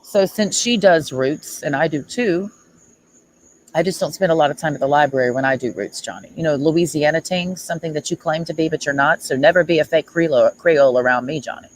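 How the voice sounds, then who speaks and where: A woman's voice: low-pitched, a little fast, darkish tone, a little hiss or hum, low-quality recording. A woman streamer ranting at someone in a sarcastic, mocking and confrontational way. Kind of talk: livestream rant.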